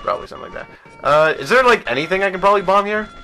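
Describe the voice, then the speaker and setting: Guy cracking jokes and cursing while he plays a game, bright voice, slightly high, faint game music behind. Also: lively intonation, very fast. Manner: joking, profane, thinks aloud. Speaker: let's play host. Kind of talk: casual gameplay commentary.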